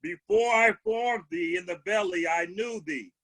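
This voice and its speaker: A man reading scripture aloud in a measured, solemn way during a church service. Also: high-pitched, fairly bright tone, no echo, low-quality recording.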